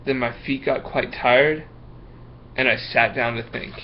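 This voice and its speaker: A man's voice: medium pitch, steady tone, unhurried, lo-fi sound, a little hiss or hum, natural voice. A man doing a stammering, nervous schoolboy. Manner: stammering, hesitant, fillers. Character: young schoolboy, nervous, full of excuses. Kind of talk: reading a picture book aloud.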